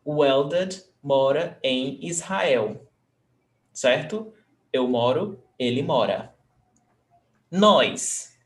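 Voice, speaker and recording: A man teaching a language lesson, explaining slowly and checking in with his students. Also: mid-range voice. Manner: slow, deliberate explanations with frequent "okay?" check-ins. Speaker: Portuguese teacher.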